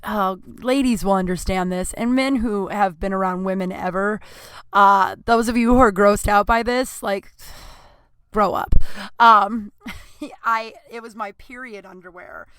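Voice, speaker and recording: A woman comedian hosts her own podcast and tells a story in a loose, profane, self-mocking way, full of likes and ums. Her voice sits at a middle pitch. The recording is close and dry, made at a computer in a small room. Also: a bit bright, clear, resonant tone, no echo. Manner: candid, profane, self-mocking, many fillers. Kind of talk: casual storytelling monologue.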